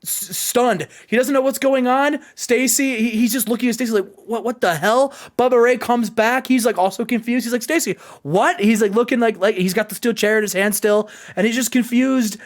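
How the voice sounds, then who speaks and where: Southern guy, high voice, hyped storytelling, tripping over words. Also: a little fast, hardly any pauses. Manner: excitable, stumbling restarts, laughs often. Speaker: host narrating simulated wrestling results. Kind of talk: casual chat, play-by-play storytelling.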